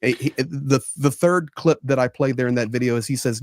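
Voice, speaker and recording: A man's voice: mid-range voice, a little fast, a little mellow, a little hiss or hum. A man hosting a casual political commentary livestream, emphatic and given to repeating phrases. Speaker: livestream host.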